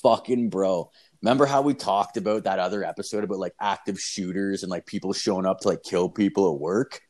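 A man's voice: low voice, brisk, a little mellow. A young man in his twenties on a podcast, telling a rambling, profanity-heavy story with lots of filler words. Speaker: podcast co-host. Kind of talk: casual storytelling chat.

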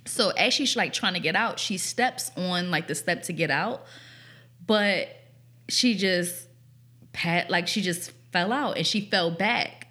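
A young woman tells a story on a casual podcast, her voice sitting on the lower side. She talks in an animated rush, swearing and leaning on "like" fillers. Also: a little slow, husky. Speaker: podcast co-host.

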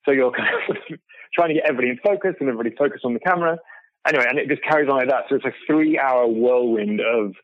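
A middle-aged man speaks as an interview guest and tells his stories with animation, laughing often and restarting his sentences. He sits at an average pitch for a man. His voice comes over a remote call, with dry, slightly muffled sound. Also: very fast, no echo. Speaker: guest photographer. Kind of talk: casual storytelling in an interview.

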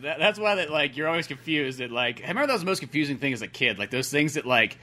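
A man's voice: on the high side, sing-song, quick pace, pushed and bright. A man co-hosting a podcast in casual, profane chat, laughing often and slipping into goofy voices. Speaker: podcast co-host.

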